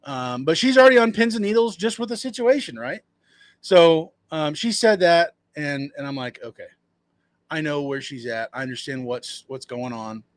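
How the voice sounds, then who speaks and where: A man with a somewhat high voice tells a customer story in a loose, rambling way, full of restarts and asides. He acts out other people's lines as he goes. The sound is dry and close, with no room echo. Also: animated, normal speed. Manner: rambling, conversational, acts out quotes in a higher voice. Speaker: dumpster rental business owner. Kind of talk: casual storytelling vlog.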